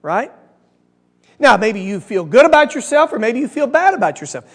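Animated high-voiced male preacher. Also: moderate pace, big-room sound. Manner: animated, coaxing the audience to repeat lines. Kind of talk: sermon.

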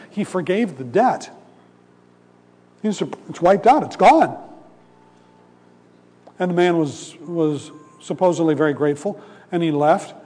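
Male preacher, storytelling sermon, warm mellow tone, echoing hall. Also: a little high. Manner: conversational storytelling, acts out voices in the parable. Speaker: pastor. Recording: long hall reverb.

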